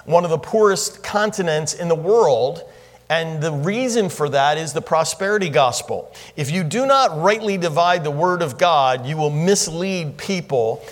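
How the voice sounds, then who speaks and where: A man preaching a sermon in a conversational teaching manner, asking the congregation questions and rising in pitch when he gets excited. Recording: long reverb of a large hall.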